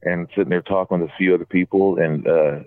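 A deep-voiced man tells a long, loosely strung story, piling one scene onto the next. He livens up when he imitates other people. The sound is thin and tinny, as if over a phone line, and bone dry. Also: fast talker, no room sound. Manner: rambling, animated when quoting others. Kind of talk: casual storytelling.

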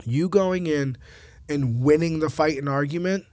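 A man's voice: fairly high pitch, a little slow, a little mellow, no echo, clean studio sound. A man, a pastor co-hosting a scripture discussion, emphatic and preacherly with joking asides. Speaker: pastor, podcast co-host.

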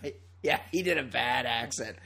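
A man's voice: mid-range voice, normal speed, gravelly, sharp tone. A man hosting a podcast, chatting casually and ranting bluntly with plenty of swearing. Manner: blunt, profane, opinionated ranting. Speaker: podcast host. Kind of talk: casual chat.

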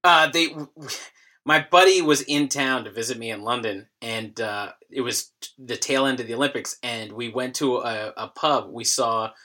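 A man's voice: mid-range voice, moderate pace, sharp tone. A man co-hosting a casual podcast, telling a story with a wry edge. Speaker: podcast co-host.

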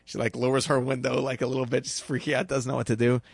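Gravelly man telling a casual story. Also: mid-range voice, level tone, quick pace, dry recording. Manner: loose and conversational, full of fillers and restarts, acting out quotes. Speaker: storyteller sharing a life lesson.

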